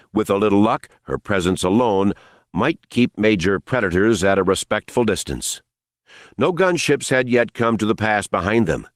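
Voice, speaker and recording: A man reading an unabridged novel aloud in a measured, even narration. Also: deep voice, no room sound, studio quality. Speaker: audiobook narrator. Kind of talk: scripted audiobook narration.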